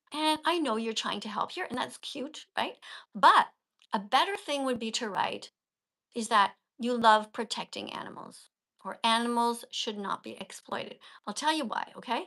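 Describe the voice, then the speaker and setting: Emphatic high bright-voiced woman host. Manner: emphatic, coaching, stresses key words. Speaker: livestream host and vegan teacher. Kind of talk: casual livestream chat.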